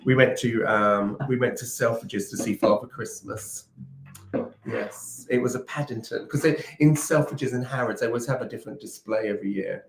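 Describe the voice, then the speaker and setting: A man's voice: mid-range voice, normal speed, gravelly, noisy background. A man co-hosting a casual spiritual livestream chat, affectionately greeting viewers as darling. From England. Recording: echoey room.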